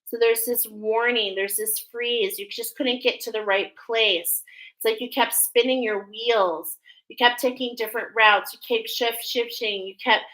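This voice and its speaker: A woman with a bright, fairly high voice talks her viewers through an oracle card reading. She rambles and follows her intuition, keeps checking in with a quick "okay?", and sounds earnest and encouraging. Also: fairly even intonation, low-quality recording.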